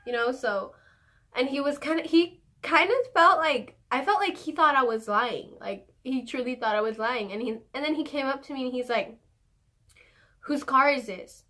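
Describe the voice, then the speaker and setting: A young woman with a fairly high voice tells a story to her viewers. She talks in a loose, chatty way, cusses freely and fills her sentences with fillers. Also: moderate pace, bright, forceful tone. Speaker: vlogger. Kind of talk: casual storytime.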